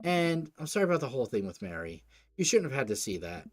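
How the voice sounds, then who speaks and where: A man voicing an upbeat, friendly suburban dad, raising his voice to a bright, chatty tone. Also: mid-range voice, sing-song, quick pace, natural voice. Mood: cheery. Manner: cheery, chatty, bright-toned. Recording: faint game music behind.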